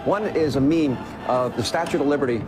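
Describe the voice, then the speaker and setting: Male pundit in a played clip, quick and rattled, with music under his voice. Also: on the high side. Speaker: commentator in a clip.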